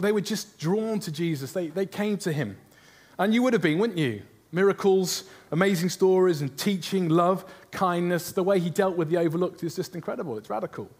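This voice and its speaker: A man with a high-sitting voice and a darkish tone preaches a sermon. He speaks earnestly and often puts rhetorical questions to the congregation.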